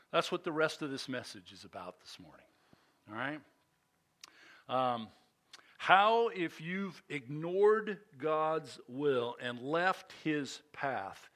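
With a medium-pitched voice, an older man preaching as pastor shares a personal story. He is animated and chatty, mocks himself, and fills his talk with fillers and restarts.

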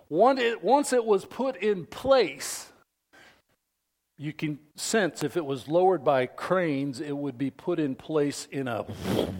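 Emphatic high-voiced preacher man. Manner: emphatic preaching with wide swings from loud declarations to hushed near-whispers; asks the congregation questions. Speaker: pastor. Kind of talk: sermon.

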